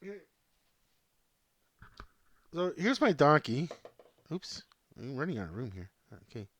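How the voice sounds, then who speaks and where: A man's voice: a little high, sing-song, measured pace, fairly bright tone, no echo. A man hosting a home-made sports news show, rambling off script at his laptop, chatting to himself and his plush toys. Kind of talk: casual off-script commentary.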